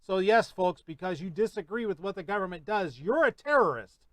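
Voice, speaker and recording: A man hosting a podcast, hoarse from losing his voice, giving sarcastic, ranting commentary. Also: sits high, expressive, fairly quick, no echo. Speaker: podcast host. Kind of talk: opinionated commentary.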